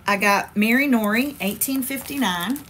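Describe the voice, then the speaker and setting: A woman's voice: on the high side, normal speed, a bit bright, a little hiss or hum. A woman hosts a casual crafting livestream, chatty and playful, talking straight to her viewers.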